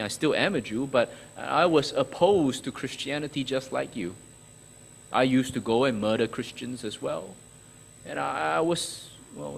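Voiced by a man, an earnest early apostle tells of his former zeal and his conversion in a gravelly, husky voice. His pitch rises and falls with lively energy as he testifies in the first person, stumbling and restarting as he goes. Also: full character voice, low-quality recording. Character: zealous early apostle, former persecutor turned believer, man.

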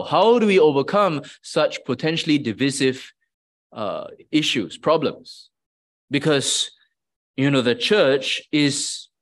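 A man preaching a sermon in a conversational teaching manner, often checking in with his listeners. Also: fairly high pitch. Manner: conversational teaching with frequent "right?" asides.

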